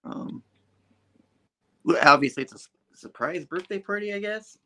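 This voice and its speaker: A man's voice: high voice, lively intonation, moderate pace, pushed and bright. A man in a casual comic book review chat, retelling scenes and briefly voicing the characters.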